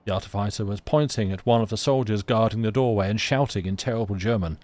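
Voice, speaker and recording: A man streaming a story game, chatting sarcastically in a halting, rambling way and reading game text aloud. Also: lowish voice, a little mellow, dry recording. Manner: rambling, halting, full of restarts, sarcastic jokes.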